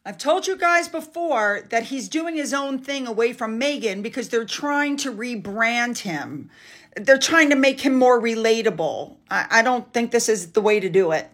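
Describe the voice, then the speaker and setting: A woman's voice: fairly high pitch, animated, moderate pace, fairly bright tone. A woman hosting a podcast, giving sarcastic, opinionated commentary. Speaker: podcast host.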